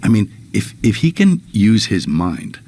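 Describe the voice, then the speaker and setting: Gravelly, husky bass of a guest telling animated stories. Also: male voice, unhurried. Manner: animated anecdote-telling, acting out quotes. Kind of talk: casual conversation.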